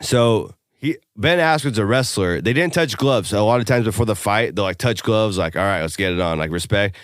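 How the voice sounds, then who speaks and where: A podcast co-host with a lowish, expressive voice speaks at normal speed in a clean studio recording with no room sound. Casual and profane, he rambles through a story with lots of fillers.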